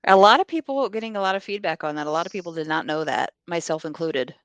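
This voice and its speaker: A woman co-hosting a podcast in casual chat. She gives calm, short, agreeable replies. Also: lowish voice, fast, clear, resonant tone, no room sound. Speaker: podcast co-host.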